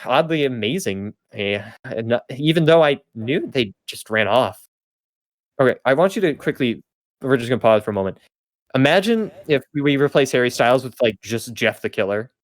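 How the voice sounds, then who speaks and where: A man's voice: medium pitch, expressive, moderate pace, dry recording. Dry-voiced young man reading fanfic. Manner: stumbling, self-correcting reading with laughing asides. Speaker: podcast host and reader. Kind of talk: comedic fanfiction reading aloud.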